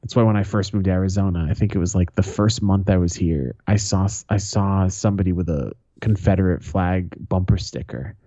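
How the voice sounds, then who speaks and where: Deep-voiced, profane man telling stories. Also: a little fast, hardly any pauses, dry recording, dull audio. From Boston area. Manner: profane, animated storyteller with laughs. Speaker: podcast co-host. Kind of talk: casual podcast banter.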